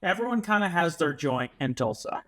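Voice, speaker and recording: A man's voice: fairly high pitch, very animated, fairly quick, a bit bright. A man co-hosting a podcast, joking in casual chat. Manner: playful, joking. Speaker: podcast co-host.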